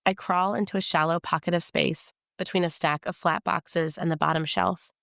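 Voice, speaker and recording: Woman narrating her book in first person, gravelly voice, measured and tense, no room echo. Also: lowish voice, fairly even intonation, fairly bright tone, clean studio sound. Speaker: author reading her novel.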